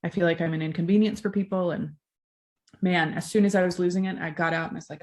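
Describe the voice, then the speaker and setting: A woman's voice: lowish voice, steady tone, quick pace, a little mellow. A woman sharing her story candidly at an online recovery meeting, self-deprecating and frank, heard over a video call.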